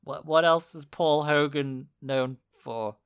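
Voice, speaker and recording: A man's voice: fairly high pitch, slow pace, clear, resonant tone. A man casually recapping a video on a podcast, rambling with fillers and laughing often. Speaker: podcast co-host. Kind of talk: casual chat.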